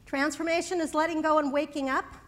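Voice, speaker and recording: A woman minister giving a sermon, then leading a slow, soothing guided breathing meditation at a church service. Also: high voice, steady tone, big-room sound.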